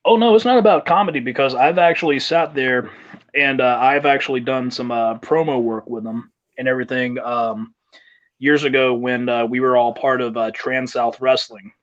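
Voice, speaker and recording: Rambling storytelling wrestler, muffled sound. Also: male voice, medium pitch, normal speed. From South Carolina, US. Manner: rambling anecdotes with fillers and laughter. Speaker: wrestler and guest. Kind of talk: interview storytelling.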